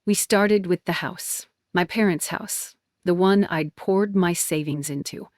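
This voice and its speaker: A woman's voice: fairly low pitch, unhurried, a little mellow, no room sound, studio quality. A woman narrating a dramatic first-person story with emotional intensity.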